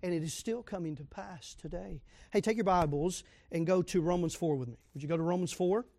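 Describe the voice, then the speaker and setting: A man preaching a sermon as pastor, reading scripture aloud, asking the congregation questions and swinging into sudden loud emphasis. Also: sits high, brisk, no echo, clean studio sound.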